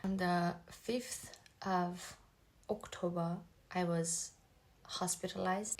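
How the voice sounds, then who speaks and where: A woman earnestly giving a personal faith testimony as a mother, her voice soft and often slipping into a whisper. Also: fairly low pitch, fairly even intonation, takes it slowly. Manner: earnest and heartfelt.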